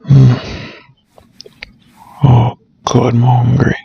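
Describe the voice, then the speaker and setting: A man's voice: mid-range voice, monotone, very slow, gravelly, dark tone, husky, no room sound, muffled recording. A man with a Jamaican accent voicing a cartoon character in an easygoing, laid-back patois. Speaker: cartoon voice actor. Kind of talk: casual cartoon voice acting.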